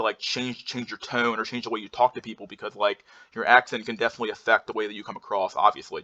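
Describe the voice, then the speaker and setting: A man's voice: lowish voice, sharp tone. A man giving a casual talk over slides, rambling with lots of fillers and restarts. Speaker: presenter going through slides. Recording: dull lo-fi sound.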